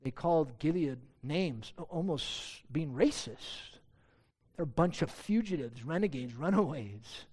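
A man preaching a sermon with earnest emphasis, pressing his church with rhetorical questions. His voice sits somewhat high for a man. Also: animated, unhurried, a little mellow, breathy edge. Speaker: pastor.

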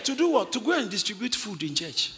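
A male preacher delivering an emphatic sermon, often shouting and getting the congregation to repeat lines. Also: sits high, very animated, a little fast, noisy background. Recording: long hall reverb.

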